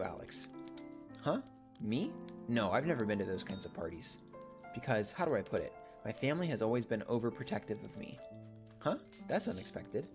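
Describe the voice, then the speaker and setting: A man reading horror-game dialogue and narration aloud in a steady storytelling voice. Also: mid-range voice.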